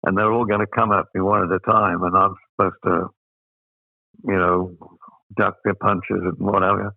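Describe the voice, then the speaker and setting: Heard over a tinny phone-like line, dry and free of echo, an Australian guest in his eighties shares rambling anecdotes and laughs along with them. His delivery is flat and moderately paced, in a low, gravelly voice with fry.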